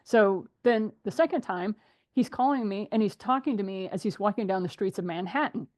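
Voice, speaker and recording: A middle-aged woman hosts a relaxed group conversation. She tells animated, lively stories and often breaks into laughter. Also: medium pitch, a little fast. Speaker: host. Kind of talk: casual group chat.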